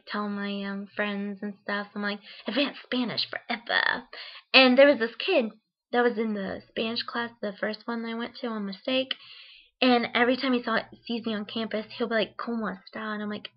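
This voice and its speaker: A young woman from Ohio telling a funny story in a casual vlog, chatty and full of "like" and "um", acting out her own reactions. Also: mid-range voice. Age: young adult. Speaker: vlogger. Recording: dull lo-fi sound.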